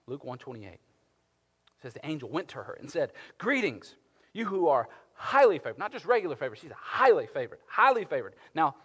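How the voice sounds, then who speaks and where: Guy preaching a sermon, kinda high voice, goes loud then real quiet, big church reverb. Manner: animated, swings from loud emphasis to hushed tones. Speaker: pastor. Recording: long hall reverb.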